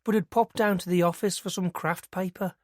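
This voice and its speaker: A man performs a young adult British woman who works at a nursery, recounting what she saw eagerly but nervously, in a chatty, hesitant, rambling way. The woman's voice is fairly low, steady, brisk and a little mellow, pushed up in pitch yet close to an everyday voice. The recording is dry, with clean studio sound.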